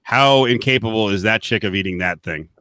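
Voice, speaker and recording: A man's voice: fairly low pitch, a little fast, bright, forceful tone, clean tone, no echo. A man hosting a radio show in casual banter, making wry, rambling asides.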